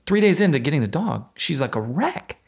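A man chats as a podcast guest. He tells loose, animated stories, swears freely and slips into voices when he quotes people. His pitch swings widely as he goes. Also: a little fast, creaky. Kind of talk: casual podcast chat.

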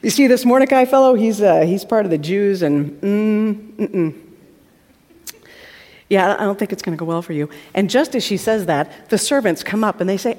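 A woman preacher retelling a story in a lively sermon, acting out the characters and dropping to a hush at tense moments. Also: medium pitch, moderate pace. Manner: acts out the characters with shifting voices, drops to hushed tones. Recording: hall reverb from a live talk.

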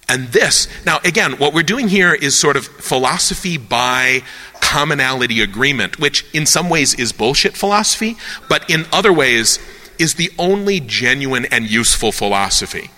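A man leading a discussion in a casual, lecture-like way, animated and joking, thinking aloud with many restarts. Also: on the high side, in a large hall. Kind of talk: casual lecture-style talk.

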